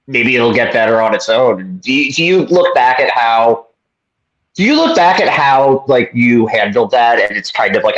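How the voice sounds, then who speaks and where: A man co-hosting a casual interview, asking questions in a relaxed, thinking-aloud way. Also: medium pitch, muffled recording. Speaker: podcast co-host.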